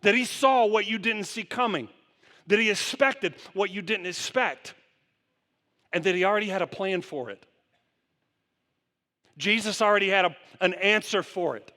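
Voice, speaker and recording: A man preaching to his congregation with a high, ringing, bright voice. He fires one rhetorical question after another at his listeners. His words trail off into the long reverb of a church sanctuary. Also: normal speed, long pauses. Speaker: pastor. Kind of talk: sermon.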